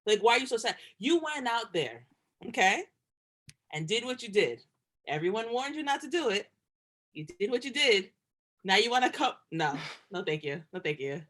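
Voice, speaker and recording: A young woman co-hosting a podcast in casual chat, emphatic and animated, laughing often as she rants. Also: a little high, moderate pace. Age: young adult. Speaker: podcast co-host.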